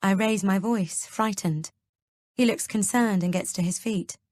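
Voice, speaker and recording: A woman narrating an audiobook in the first person, calm and steady. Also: medium pitch, a little slow, no echo, studio quality.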